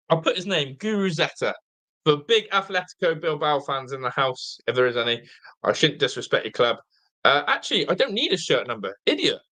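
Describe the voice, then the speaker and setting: A man's voice: fairly high pitch, sharp tone. A man from England hosting a live fan watch-along, chatting loosely, reading viewer comments and grumbling at the team, sounding half asleep. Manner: chatty, reads out viewer comments, swears mildly.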